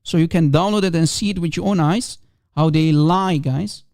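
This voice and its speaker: A man's voice: a little high, moderate pace, darkish tone, dry recording. Mocking man, Arabic native speaker, dry close mic. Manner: mocking, scornful, laughing at his opponent; emphatic, repeats points to drive them home. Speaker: religious debater streaming commentary. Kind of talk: livestream commentary.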